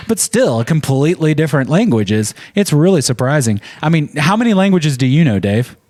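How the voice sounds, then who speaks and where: Man, show host, joking banter, lively intonation, dry close sound. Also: fairly high pitch, a little fast, no room sound. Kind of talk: casual podcast chat.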